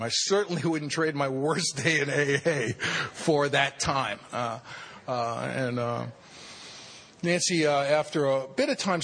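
Wry bright-voiced man in his fifties. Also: mid-range voice. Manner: wry, self-deprecating, halting at times. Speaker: speaker sharing a recovery story. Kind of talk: personal storytelling talk.

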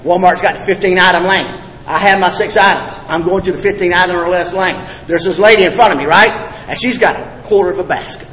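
A man's voice: sits high, fast talker, fairly bright tone. A man giving a recovery talk, blunt and folksy, telling jokes with profane humor. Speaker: recovery meeting speaker. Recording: echoey hall with reverb, faint ambience.

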